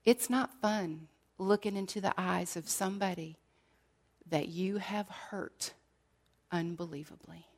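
A middle-aged woman gives an emotional sermon, earnestly sharing her testimony and dropping to near whispers at painful moments. Her voice is on the low side and unhurried.

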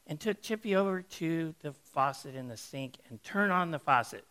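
A man preaching, telling a folksy, animated story to make a sermon point. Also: fairly high pitch, normal speed, hardly any pauses.

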